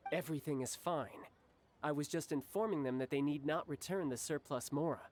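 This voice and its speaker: A man voicing a confident young agent who speaks smoothly and teasingly. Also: on the high side, brisk, a little mellow, a little hiss or hum, close to an everyday voice. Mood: sly.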